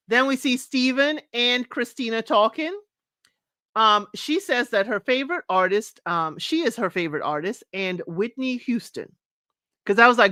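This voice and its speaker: Sassy lady recapping a dating show live, kinda high voice, dry close sound, laughs a lot. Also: moderate pace, no echo. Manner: sassy, animated, laughs often, mimics cast members. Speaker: reality show recap host. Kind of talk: live recap chat to viewers.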